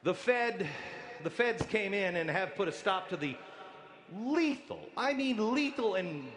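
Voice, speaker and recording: A man giving a sarcastic speech at a convention, incredulous and building to shouts. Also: sits high, animated, measured pace, a little hiss or hum. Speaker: speaker at a convention.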